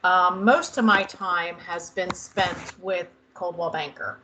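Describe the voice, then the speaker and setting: Bright, hesitant woman in her fifties. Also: fairly low pitch, steady tone, takes it slowly, slight background noise, poor audio. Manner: hesitant and modest, many ums. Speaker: real estate agent. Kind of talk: video call panel interview. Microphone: video call.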